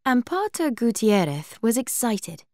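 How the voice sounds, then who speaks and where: Woman reading a story out loud, slow and careful, lots of pitch movement. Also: big pitch swings, dry recording, studio quality. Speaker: narrator.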